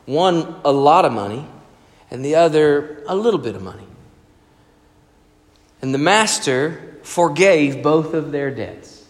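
A man preaching, voicing a calm, wise male teacher who tells a parable in a quiet, measured way. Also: on the high side. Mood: gentle. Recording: echoey hall with long reverb.

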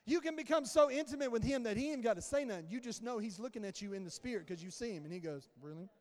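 A pastor delivers a sermon in a strikingly high yet darkish voice, speaking fast and addressing his congregation like friends while acting out everyday conversations. His words ring with long reverb through a church sanctuary.

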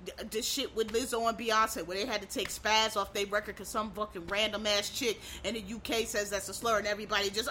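A woman ranting bluntly to camera, swearing freely, stumbling over restarts and climbing into shouts. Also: medium pitch, fairly even intonation, a little fast, slight background noise. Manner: frequent restarts and stammered repeats. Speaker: vlogger. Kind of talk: profane ranting monologue.

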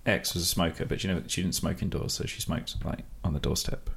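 A man hosting a casual comedy podcast, speaking with a softened South East London accent in a rambling, self-deprecating way. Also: low-pitched, steady tone, fairly quick, creaky. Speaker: podcast host.

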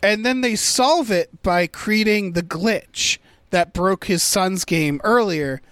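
High-voiced man picking apart a movie. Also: takes it slowly, fairly bright tone, clean tone, dry recording. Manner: rambling, thinks aloud with restarts. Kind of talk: casual movie review chat.

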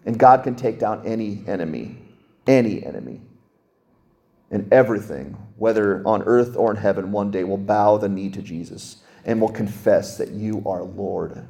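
Emphatic pastor with a low voice. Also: male voice, creaky. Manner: emphatic, rises sharply in pitch and volume to stress points; slows down and drops to a soft low voice on scripture. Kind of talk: sermon.

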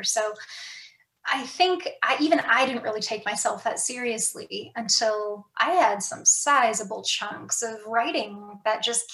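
A woman's voice: fairly high pitch, a bit bright, roomy sound, low-quality recording. A woman talking candidly and reflectively as an author guest in a casual podcast conversation, with many fillers and restarts.

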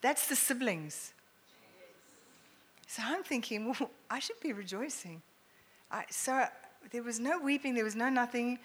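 A middle-aged woman sharing a personal testimony, animated and often laughing, sometimes dropping to a hushed near-whisper. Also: fairly high pitch, unhurried, pauses often. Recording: echoey hall with faint noise.

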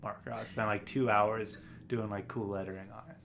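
A man's voice: on the low side, level tone, fairly quick, gravelly, fairly bright tone. A man in his thirties co-hosting a podcast, playful and self-deprecating, often laughing. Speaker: podcast co-host. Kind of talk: casual podcast chat.

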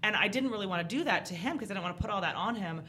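A woman's voice: mid-range voice, racing, a little hiss or hum. A woman in her thirties, a podcast guest, telling candid stories in casual chat. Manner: candid, animated storyteller.

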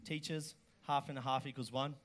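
A middle-aged man preaching a lively sermon, animated and joking, often shouting to stress a point. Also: medium pitch, normal speed. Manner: animated, shouts for emphasis, jokes with the crowd. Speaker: pastor.

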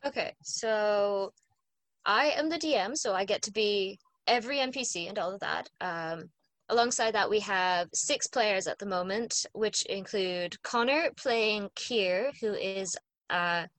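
A woman talking about the tabletop game she runs as game master, in a relaxed, rambling chat full of ums and asides. Her voice sits at a middle pitch, and the sound is dry and close with no room echo. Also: a little slow. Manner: chatty, explains at length with fillers. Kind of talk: casual chat.

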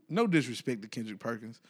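A man's voice: mid-range voice, slightly rough. A man hosting his own podcast in loose casual chat, rambling and breaking off to restart his thoughts. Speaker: podcast host.

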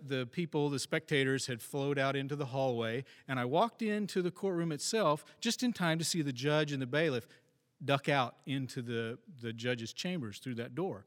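A former police officer telling a wry, self-deprecating story about a fight on the job. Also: male voice, mid-range voice, long reverb tail. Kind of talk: first-person storytelling.

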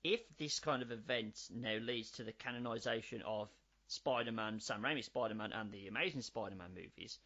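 Animated man chatting casually. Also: lowish voice, fairly quick, few pauses. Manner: animated, swears freely, riffs on ideas. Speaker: podcast co-host. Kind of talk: casual chat. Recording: slightly dull lo-fi audio.

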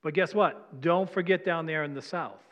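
Speaking at normal speed in a voice on the high side, a man delivers a conversational sermon as pastor, asking his congregation questions. The recording, made in a church sanctuary, is muffled and has long hall reverb.

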